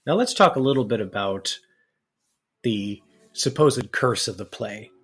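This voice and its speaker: A man teaching in a podcast lecture, explaining step by step and often pausing with fillers and correcting himself. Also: on the low side, lively intonation, fairly bright tone, husky.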